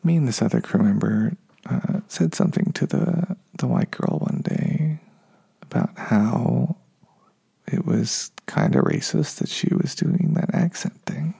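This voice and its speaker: A man hosting a podcast alone, talking unscripted in a low-key way, often correcting himself and sounding a little frustrated. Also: unhurried, gravelly, dark tone, husky. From United States. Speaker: podcast host. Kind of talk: solo podcast monologue.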